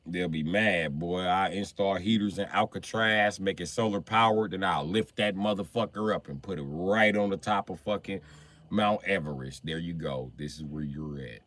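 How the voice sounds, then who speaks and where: A man hosting a livestream in casual, rambling chat, swearing constantly and breaking into loud outbursts. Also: low-pitched, moderate pace. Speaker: livestream host.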